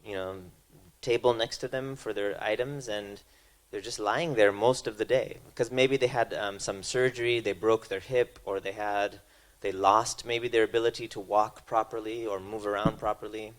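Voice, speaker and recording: A man's voice: lowish voice, steady tone, normal speed. A man giving a spiritual lecture, speaking conversationally and telling stories, often restarting his phrases. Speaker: speaker at a religious talk.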